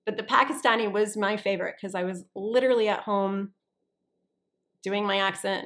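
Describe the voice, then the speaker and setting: A woman voice actor talks casually as an interview guest, with a middle pitch. She is chatty and keeps breaking off to start her sentences again. She often asks whether the listener understands. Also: steady tone, a little slow, pauses often. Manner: chatty, restarts sentences, checks in with "you understand?".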